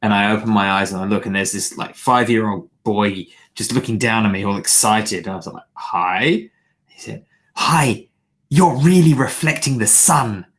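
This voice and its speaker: A man's voice: lowish voice, fairly even intonation, moderate pace, fairly bright tone. A man co-hosting a podcast, telling a story in a casual, dry joking way. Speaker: podcast co-host. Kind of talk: casual chat.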